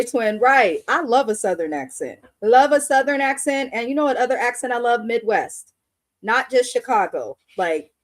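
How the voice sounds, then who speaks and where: A young adult woman hosting a live reaction review in a blunt, opinionated, casual way, reading chat comments aloud. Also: a little high. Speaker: livestream reaction host.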